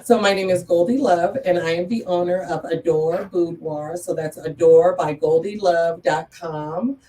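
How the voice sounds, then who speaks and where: Earnest woman guest with a mellow voice. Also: lowish voice, steady tone, moderate pace, recorded from a distance, slight background noise, low-quality recording. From Metro Atlanta area. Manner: earnest, emphatic, repeats key phrases. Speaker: guest, photographer and business owner. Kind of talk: interview talk.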